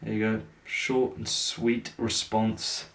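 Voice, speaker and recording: A man's voice: lowish voice, little pitch movement, slow, fairly bright tone. A young man rambling and musing aloud to himself while practising, easily distracted. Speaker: vlogger. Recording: roomy, distant, noisy.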